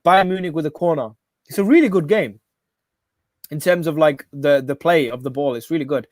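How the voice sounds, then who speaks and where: A man hosting a live football watch-along, excitable and shouting at every chance. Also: fairly high pitch, brisk, dry recording, clean studio sound.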